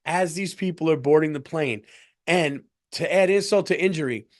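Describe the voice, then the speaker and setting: Telling a story on his comedy podcast, a middle-aged host gets animated, trips over restarts, and breaks out laughing. He speaks with a fairly high pitch at a moderate pace.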